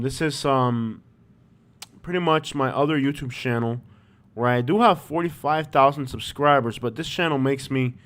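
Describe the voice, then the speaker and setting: A man hosting a live stream, chatting casually and rambling with lots of fillers. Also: medium pitch. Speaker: YouTube host.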